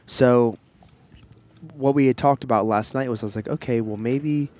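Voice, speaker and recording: A man's voice: mid-range voice, moderate pace, dark tone. A man hosting a podcast, telling a long personal story in a candid, rambling way, full of fillers and side remarks, recorded outdoors in public on a headset mic. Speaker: podcast host. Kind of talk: casual chat.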